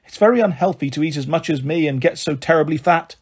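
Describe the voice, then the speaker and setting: A man's voice: fairly high pitch, fast, slightly rough. A man doing a hearty bustling auntie. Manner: warm, jolly, frank. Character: hearty big-hearted woman pub landlady aunt, bustling.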